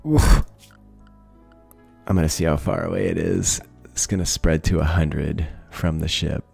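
A man's voice: very deep voice, normal speed, gravelly, darkish tone, husky, faint music behind. A man giving casual let's-play commentary, thinking aloud, swearing freely and laughing often. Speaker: gaming video creator.

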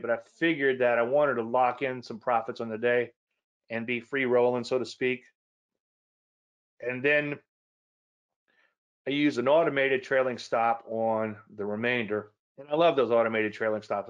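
A man's voice: medium pitch, muffled recording. Folksy man walking through stock charts. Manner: rambling, self-correcting, folksy asides. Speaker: trading educator. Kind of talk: casual chart walkthrough.

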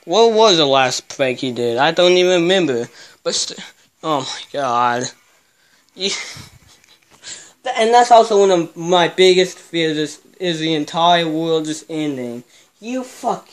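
A man filming a casual vlog in a hot garage, swearing often and talking in a hushed, jittery way. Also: on the high side, clean tone. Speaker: vlogger. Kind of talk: casual self-filmed vlog.

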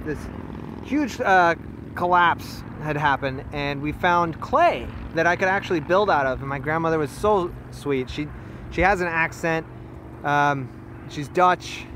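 Out at a muddy wildlife preserve, a young man records a casual selfie vlog on a phone at arm's length, a bit breathless. His voice is slightly high and bright, with a faint hiss or hum on the audio, and his rambling frustration gives way to wistfulness.

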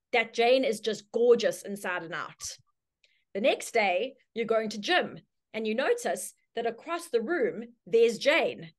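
A woman teaching a branding workshop, telling a story with lively, chatty delivery and acted-out voices. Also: normal speed. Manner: storytelling, acts out quoted voices with sudden high squeals. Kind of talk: live online workshop talk.

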